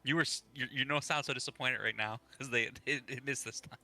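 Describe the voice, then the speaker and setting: A man's voice: mid-range voice, steady tone, fast talker, bright, forceful tone. A man playing in a tabletop game, chatty and teasing, laughing often. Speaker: player. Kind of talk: casual tabletop game chat.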